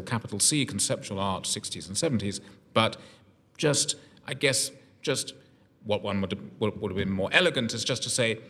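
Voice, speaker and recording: Male panel host, bright tone, wordy and articulate with many restarts, long reverb. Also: on the low side. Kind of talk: radio arts discussion.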